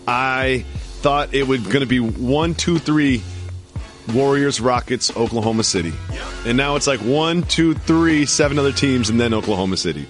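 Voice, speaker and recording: A man's voice: normal speed, faint music behind. A man co-hosting a sports podcast, bantering and ranting with mock outrage. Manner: animated, mock-outraged, high-energy ranting. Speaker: podcast co-host.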